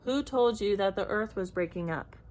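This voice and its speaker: A woman voicing a brave, gentle male lion in a storybook read-aloud, speaking slowly and steadily. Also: medium pitch, slight background noise, lightly acted. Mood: calm.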